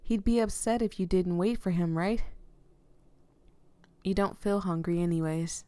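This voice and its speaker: A woman with a lowish, warm voice reads a visual novel aloud on her channel, where she reads interactive stories. She speaks at a measured pace with no room sound, pausing between lines to react with feeling.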